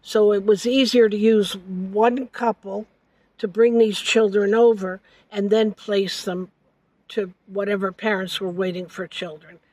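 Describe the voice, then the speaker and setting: An older woman recounting a family story in an interview, halting and correcting herself as she goes. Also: medium pitch, steady tone, darkish tone, dry recording, poor audio. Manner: halting, with frequent hesitations and self-corrections.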